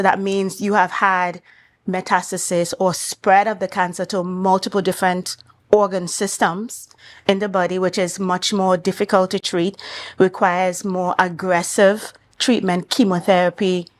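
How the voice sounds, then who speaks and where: Measured woman doctor explaining screening. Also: fairly low pitch, flat delivery. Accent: Trinidad and Tobago. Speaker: doctor guest. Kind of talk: morning show interview.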